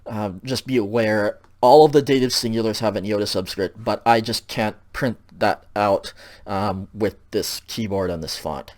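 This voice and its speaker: A man's voice: on the low side, moderate pace, a little mellow. Patient man teaching over slides. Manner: patient, checks in with 'okay' often, many filler ums. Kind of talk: recorded lecture over slides.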